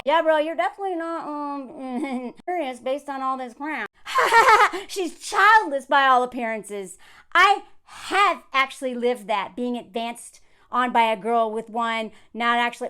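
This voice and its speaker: A woman giving reaction commentary on social media posts, in an animated, exasperated rant full of asides. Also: sits high, moderate pace.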